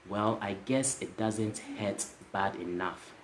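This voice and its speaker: A man putting on a laconic, very old porch-sitter who answers flatly and without hurry. The voice is low and drawn out, close to the storyteller's own. A faint hiss sits behind it. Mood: dry. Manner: slow, dry, matter-of-fact.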